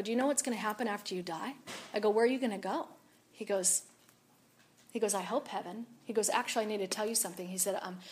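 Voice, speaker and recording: A woman speaking at a women's event, telling a story in a sermon, acting out both sides of a conversation and laughing often. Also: medium pitch. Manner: animated, acts out dialogue, laughs often.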